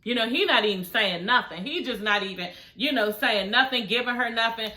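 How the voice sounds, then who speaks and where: A woman's voice: fairly high pitch, lively intonation, brisk, noisy background. A woman vlogger casually recapping a reality show, sassy and profane, talking straight to her viewers. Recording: echoey room.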